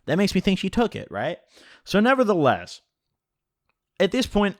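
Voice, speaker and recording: Brief: man, casual storytime vlogger, lively up-and-down delivery, profane and chatty, dry close sound. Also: sits high, normal speed, dry recording. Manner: animated, heavy swearing and filler "like".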